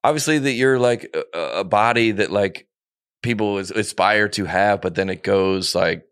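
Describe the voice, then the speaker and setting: Male podcast host, very low voice, casual and halting, dry sound. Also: fairly bright tone, clear, resonant tone, no room sound. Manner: casual, halting, many fillers. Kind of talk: casual conversation.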